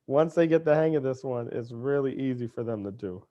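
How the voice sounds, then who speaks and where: A man leads a live kids cooking lesson in an upbeat, chatty way. He talks straight to the children and their parents. His voice sits at an ordinary middle pitch for a man. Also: fairly quick, hardly any pauses, warm tone, dull audio. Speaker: cooking show host.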